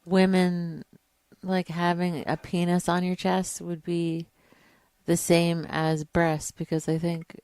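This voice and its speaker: A woman's voice: fairly low pitch, flat delivery, slow, darkish tone, clear, resonant tone, no room sound. A woman co-hosting a comedy podcast with giggly, skeptical banter. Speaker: podcast co-host. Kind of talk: casual chat.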